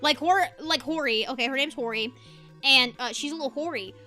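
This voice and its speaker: A woman's voice: high-pitched, fairly quick, pushed and bright, faint music behind. A young woman streaming as a VTuber, ranting passionately in casual commentary and laughing easily.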